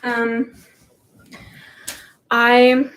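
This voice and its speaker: A woman's voice: fairly high pitch, completely flat delivery, extremely slow, a little hiss or hum. A teenage girl rambling in a giggly, chatty way while answering viewer questions on a casual livestream. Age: teens. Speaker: livestream host. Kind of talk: casual live Q&A chat.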